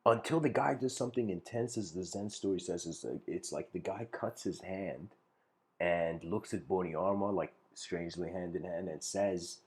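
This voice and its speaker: A man's voice: deep voice, normal speed. A man giving an informal philosophical lecture, rambling with many fillers and restarts.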